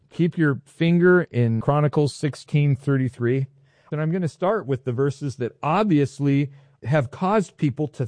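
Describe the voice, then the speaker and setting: A man preaching a sermon as a pastor, teaching in an animated, playful, excitable way. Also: mid-range voice, no room sound.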